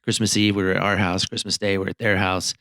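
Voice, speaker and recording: A man's voice: low-pitched, flat delivery, quick pace, sharp tone, no echo, clean studio sound. A man, a marriage therapist co-hosting a podcast, chatting casually and reflectively with anecdotes. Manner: reflective, anecdotal, with frequent fillers. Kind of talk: casual conversational chat.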